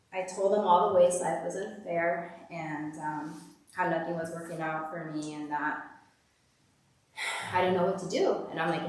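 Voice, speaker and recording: A woman's voice: on the low side, slight background noise. A woman giving a candid, conversational personal testimony as guest speaker at a church service. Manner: candid, conversational, uses "like" often. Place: church hall. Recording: echoey hall from far off.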